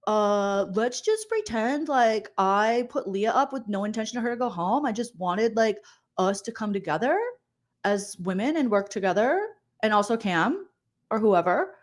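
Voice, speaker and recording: A woman's voice: medium pitch, lively intonation, lightly acted. A woman voicing a scheming young woman who hesitantly pretends she meant no harm. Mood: innocent. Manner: halting, with "uh" and backtracking.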